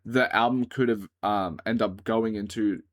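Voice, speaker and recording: A man's voice: lowish voice, fairly even intonation, moderate pace. An Australian man hosting a music reaction, talking casually in a rambling way with lots of filler words and casual swearing. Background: album music playing faintly.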